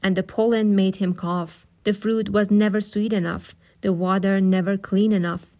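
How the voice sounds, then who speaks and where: A woman reading a novel aloud in a calm, steady, audiobook style, with occasional asides of her own. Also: mid-range voice, moderate pace.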